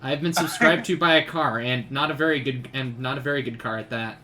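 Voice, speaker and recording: A man's voice: mid-range voice, fairly quick, bright, forceful tone, a little hiss or hum. A young man hosting a live stream while he draws. He chats casually and rambles, with many ums and restarts. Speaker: streamer and artist.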